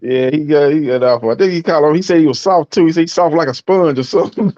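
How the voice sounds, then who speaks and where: A man discussing boxing on a live stream in a relaxed, chatty way with lots of fillers. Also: fairly high pitch, fast, few pauses, dry recording, dull audio. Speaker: guest boxing commentator. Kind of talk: casual live-stream chat.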